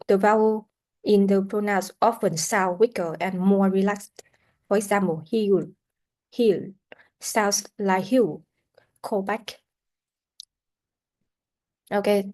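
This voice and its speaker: Mellow-voiced woman teaching pronunciation. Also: mid-range voice. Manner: slow, explanatory, with frequent "uh" fillers; models sounds and words for repetition. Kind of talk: recorded classroom lecture.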